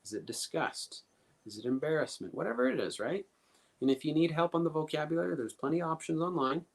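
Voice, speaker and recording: A man's voice: a little high, lively intonation, fast talker, creaky. A man giving an instructive talk as a guest speaker, coaching listeners earnestly and asking many rhetorical questions. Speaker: guest speaker teaching emotional coping steps.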